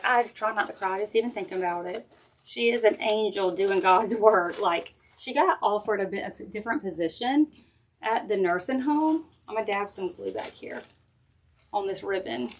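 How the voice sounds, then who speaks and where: Chatty woman hosting a craft livestream. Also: mid-range voice. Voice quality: chatty, folksy, talks straight to viewers while working. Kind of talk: casual craft demo chat with viewers. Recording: faint background noise and clicks.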